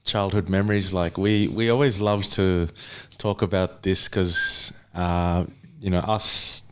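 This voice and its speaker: A man from Papua New Guinea hosting a podcast, with a very deep, smooth and resonant voice. He asks questions in a loose, conversational way and keeps his guest going with steady encouraging affirmations. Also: measured pace. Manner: encouraging, frequent backchannel affirmations. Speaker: podcast host. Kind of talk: casual interview chat.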